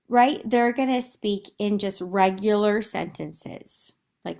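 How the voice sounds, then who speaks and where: A woman's voice: mid-range voice, darkish tone. A woman teacher talks her students through a recorded lesson over slides. Her delivery is chatty and conversational, with small fillers and restarts as she thinks aloud.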